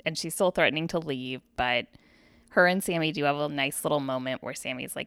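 A woman co-hosting a podcast, recapping episodes in a relaxed way with frequent "um"s. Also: sits low, a little fast, clean tone, dry recording. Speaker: podcast co-host. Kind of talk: casual chat, TV show recap.

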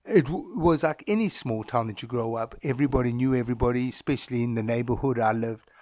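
A middle-aged man from Zimbabwe recounts memories for an interviewer in a relaxed, storytelling manner. His voice sits at an average pitch. The recording is dry and close. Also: fast talker, no echo. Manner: relaxed, anecdotal, chuckles while recounting. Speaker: interview guest.

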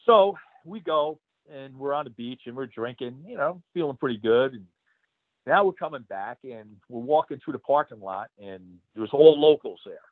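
A man's voice: medium pitch, lively intonation, moderate pace, no echo. Male ex-wrestler guest, casual storyteller, filler-heavy delivery, phone-quality dry audio. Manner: rambling, many fillers, laughs through stories. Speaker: retired pro wrestler guest. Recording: tinny phone-like line.

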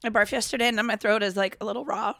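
A woman's voice: medium pitch, steady tone, very fast, vocal fry, fairly bright tone, no room sound, clean studio sound. A woman co-hosting a podcast, telling stories in casual chat with laughs and swearing. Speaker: podcast co-host.

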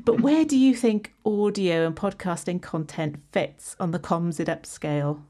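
A woman's voice: fairly low pitch, moderate pace, warm tone. A woman hosting a podcast panel discussion in a playful, upbeat way. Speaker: podcast host.

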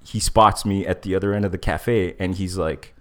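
A man's voice: deep voice, fairly even intonation, normal speed, a bit bright. A man, a comedian guest, telling a story in casual chat, acting out dialogue and laughing often.

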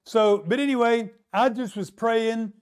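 A preacher gives a sermon testimony, earnestly telling his personal story and speaking directly to his congregation. His voice is very high-pitched and smooth, with fairly even intonation and a slightly slow pace.

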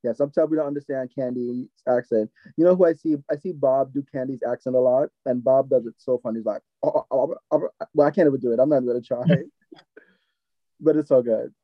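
A man's voice: mid-range voice, fairly even intonation, quick pace, no room sound, lo-fi sound. A man co-hosting a podcast, rambling through his opinions and acting out quoted moments. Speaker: podcast co-host. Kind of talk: casual recap chat.

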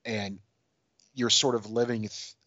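A man chatting casually about a film, relaxed and hedging with "you know" and "sort of", swearing now and then. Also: on the low side, unhurried, dry recording. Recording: dull, dry lo-fi mic.

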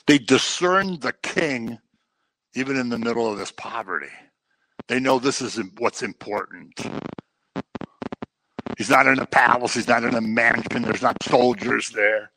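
A man's voice: medium pitch, lively intonation, unhurried, long pauses, bright, forceful tone, slight background noise, poor audio. A man preaching a conversational sermon, full of joking asides and everyday stories.

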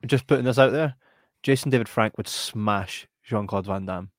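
A man with a Scottish accent hosting a podcast in casual chat, animated and laughing as he reads out viewer comments. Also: fairly low pitch, moderate pace, no room sound, clean studio sound. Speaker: podcast host.

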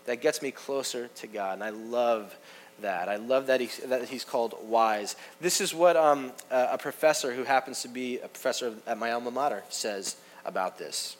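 A man preaching a sermon in a conversational way, talking straight to the congregation and swinging from loud emphasis to hushed asides. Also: medium pitch, normal speed. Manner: conversational, addresses the congregation directly. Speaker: pastor.

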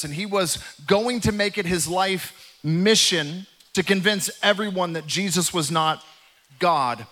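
Bright-voiced male preacher. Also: sits high. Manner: animated, acts out scripture voices. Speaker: pastor. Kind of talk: sermon.

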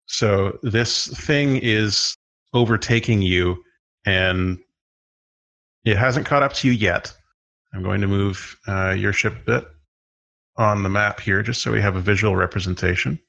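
A man narrating as game master of a tabletop role-playing game, describing scenes at an unhurried pace with frequent fillers. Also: fairly low pitch, creaky, a bit bright, lo-fi sound.

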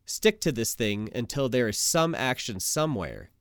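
A man co-hosting a casual podcast, loose and animated, swearing freely and full of fillers while he tells a true story. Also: medium pitch, moderate pace, dry recording, studio quality. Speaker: podcast co-host.

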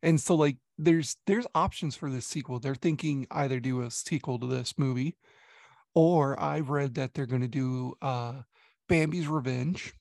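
A man chatting casually about a movie, rambling with lots of filler words and dropping into quick mock voices. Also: medium pitch, vocal fry, darkish tone, dry recording. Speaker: podcast co-host reviewing a movie. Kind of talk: casual chat.

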